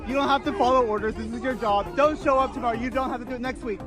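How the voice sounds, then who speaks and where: High-voiced man pleading amid a crowd. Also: steady tone, very fast. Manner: urgent, repetitive pleading. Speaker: protester. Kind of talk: pleading with officers at a raid. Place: outdoors in a city street. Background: loud crowd and music.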